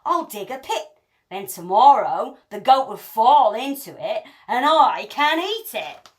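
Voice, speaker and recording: A woman's voice: fairly high pitch, big pitch swings, measured pace. A woman voicing a timid, hungry male troll cook who speaks in a small, shy voice while reading a storybook aloud. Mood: scheming. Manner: small shy voice, fussing to himself.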